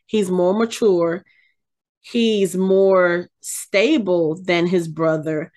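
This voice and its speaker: A woman's voice: fairly low pitch, extremely slow. Chatty woman recapping a TV episode. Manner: animated, exasperated storytelling with frequent restarts. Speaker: podcast co-host. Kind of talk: casual TV recap chat.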